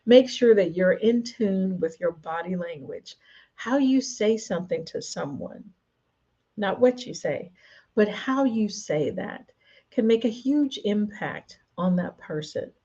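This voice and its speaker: A woman host speaks to camera with a mellow, slightly husky voice. She coaches her viewers in an easy, conversational way. The sound is a little dull and lo-fi, like a livestream. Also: medium pitch. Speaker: host and personal development coach. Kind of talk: motivational talk to camera.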